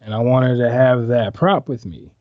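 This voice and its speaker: A man's voice: medium pitch, normal speed, dry recording. A man chatting casually on a podcast, talking in a laid-back, rambling way. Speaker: podcast guest and club dancer. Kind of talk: casual chat. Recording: dull, dry sound.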